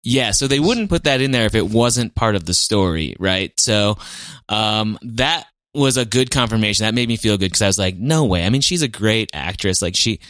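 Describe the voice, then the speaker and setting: Low, bright-voiced podcast co-host. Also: male voice, expressive, moderate pace, no echo, clean studio sound. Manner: easygoing, thinks aloud with fillers. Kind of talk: casual chat.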